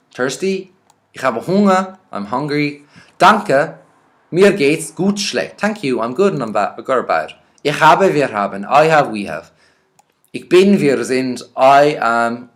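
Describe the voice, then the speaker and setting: An Irish man teaching a vocabulary lesson, reading each word out and then explaining it in a relaxed, chatty way. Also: mid-range voice. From Ireland. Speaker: language teacher.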